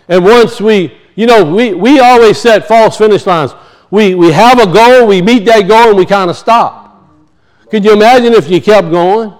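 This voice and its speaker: A man preaching a sermon, emphatic, slowing down to teach word meanings and dropping low and quiet for weight. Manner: emphatic, slows to teach words, drops low and soft for weight.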